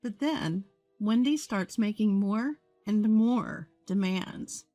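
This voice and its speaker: A woman narrates a first-person story in a calm, measured voice at a middle pitch. Her voice sounds dry and close to the mic. Soft music plays faintly underneath. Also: dry recording.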